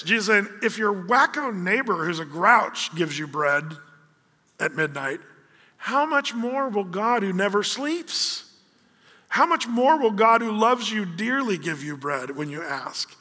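A male pastor delivers a sermon in a lively storytelling manner, slipping into the voices of his characters. His voice sits high and very bright. A long hall reverb trails each phrase. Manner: animated storyteller acting out voices.

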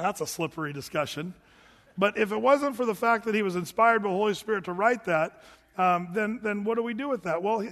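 A man preaching a sermon as a pastor, conversational and animated, with casual asides. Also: high-pitched. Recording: long hall reverb.

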